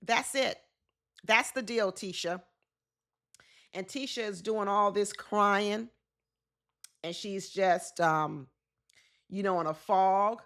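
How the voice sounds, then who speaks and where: Opinionated woman with a gravelly edge. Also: medium pitch, slow pace, long pauses, fairly bright tone. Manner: opinionated, acts out quotes of cast members. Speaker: reality TV commentator. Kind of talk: casual commentary.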